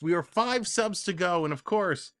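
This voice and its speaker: A man's voice: high-pitched, normal speed. Chatty man calling hockey on a livestream. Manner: chatty, excitable, reads viewer comments between calls. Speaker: livestream play-by-play host. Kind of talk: live play-by-play and chat reading.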